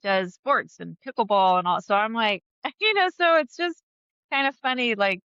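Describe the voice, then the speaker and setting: A woman's voice: fairly high pitch, animated, moderate pace, fairly bright tone, smooth, no echo, lo-fi sound. A woman guest talking openly in an interview, chatty, laughing often and restarting her sentences. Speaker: podcast guest. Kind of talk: candid conversational interview.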